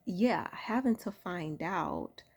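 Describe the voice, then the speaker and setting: A woman casually telling a personal spiritual story indoors, keeping her voice low and soft so she doesn't wake her sleeping son. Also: animated, takes it slowly, breathy edge. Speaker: vlogger sharing a spiritual testimony. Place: indoor room at home.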